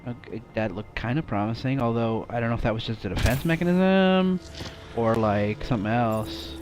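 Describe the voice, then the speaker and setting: A low-voiced male game streamer gives casual live gameplay commentary at a moderate pace, with music in the background. He rambles and jokes, using "like" and "um" constantly and bursting into silly exclamations.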